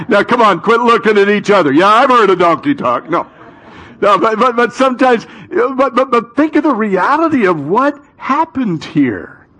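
A male pastor giving an animated sermon to a congregation, with rhetorical questions and dramatic pauses. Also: high-pitched.

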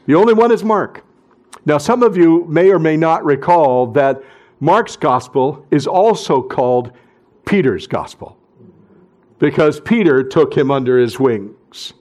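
A male pastor preaching a sermon, swinging from loud emphatic bursts down to hushed, near-whispered phrases. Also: on the high side, animated, a little slow.

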